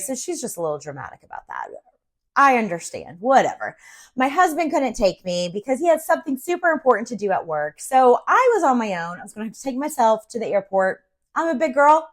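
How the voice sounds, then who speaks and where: Chatty middle-aged woman telling a story. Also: on the high side. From Central Virginia. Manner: chatty, animated, with fillers. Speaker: real estate agent. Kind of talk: casual storytelling vlog.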